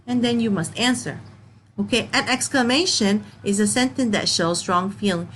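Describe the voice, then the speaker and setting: A woman's voice: mid-range voice, normal speed, a little hiss or hum, low-quality recording. A woman teaching a children's grammar lesson, patient, reading example sentences and checking in with okay.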